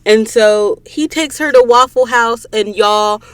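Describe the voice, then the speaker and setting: A young woman from the American South with a Southern accent, hosting a podcast and recapping a book in a casual, animated way, acting out the characters' dialogue. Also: fairly high pitch, measured pace, no room sound. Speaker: podcast host.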